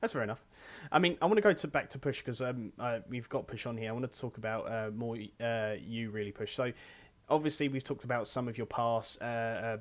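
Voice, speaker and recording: A man's voice: medium pitch, a little fast. A man hosting a casual online podcast, rambling and correcting himself as he chats and chuckles. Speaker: podcast host. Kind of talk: casual chat.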